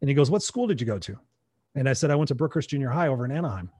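A man's voice: medium pitch, animated, very fast, warm tone, no echo, clean studio sound. A middle-aged American man telling a personal story in conversation, animatedly acting out his own past dialogue. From United States. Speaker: interview guest.

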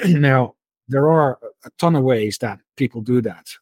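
A man's voice: medium pitch, a little slow, a little mellow, dry recording. A man in a casual interview, explaining markets at length and often repeating words as he thinks. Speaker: interview guest, market analyst.

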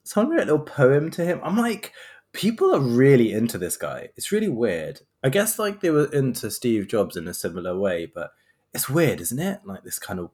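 A man in his thirties riffs sarcastically on a podcast. His pitch jumps around a lot, and he talks in loose, rambling asides. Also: wildly swooping pitch, moderate pace, a little mellow. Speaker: podcast host. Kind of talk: casual podcast commentary.

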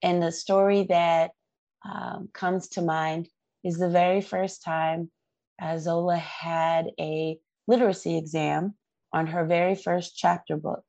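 A woman's voice: on the low side, steady tone, unhurried, gravelly, a little mellow, no room sound, lo-fi sound. A woman guest on an interview, earnestly telling a heartfelt story about her child. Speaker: guest parent.

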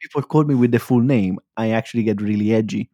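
A man's voice: on the low side, fast talker, dark tone, dry recording. A man with a thick Italian accent, from Italy, co-hosting a podcast in easygoing casual chat. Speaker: podcast co-host.

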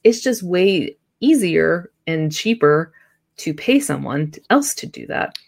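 A woman's voice: lowish voice, sing-song, unhurried, creaky. A woman hosting a podcast, chatting casually and affirming her guest. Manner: conversational, affirming with short backchannels. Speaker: podcast host.

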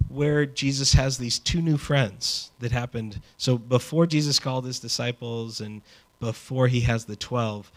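Conversational man preaching a sermon. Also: mid-range voice. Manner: conversational, animated preaching with asides. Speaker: pastor.

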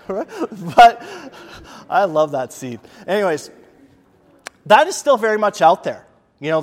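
A man giving a conversational leadership lecture to an audience, emphatic and given to repeating words for stress. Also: a little high. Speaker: presenter. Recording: long reverb of a large hall.

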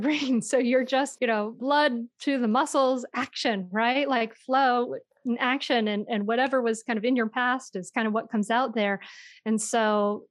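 A woman who teaches mindful parenting, talking in a quick, expressive way and laughing often as she explains. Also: fairly high pitch, dry recording, studio quality. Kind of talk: animated conversational explaining.

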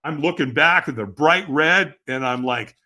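A middle-aged man, a podcast guest, telling a dramatic personal story with lively acted-out quotes. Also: fairly high pitch, moderate pace. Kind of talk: animated storytelling.

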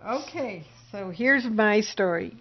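A woman co-hosting a storytelling show who chats briskly before reading her own story. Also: mid-range voice, expressive. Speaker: storytelling podcast co-host. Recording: dull lo-fi recording.

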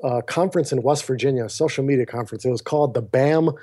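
This podcast guest's voice is medium-pitched and slightly rough, and he speaks at a quick pace. Over a remote call mic, he earnestly retells a personal story, acting out the dialogue in an animated manner.

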